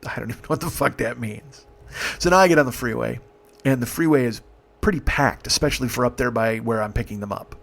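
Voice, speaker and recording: A man's voice: mid-range voice, fast, vocal fry, a bit bright. Brief: comedian in his 40s, profane rambling storyteller, middle-range voice. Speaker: comedian host. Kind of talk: comic storytelling monologue.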